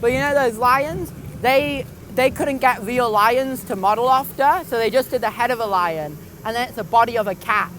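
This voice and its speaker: A young man, a comedian and tour guide, rambling in a gloomy, self-deprecating deadpan and swearing freely, outdoors on a busy city street. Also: very high-pitched. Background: traffic and street noise.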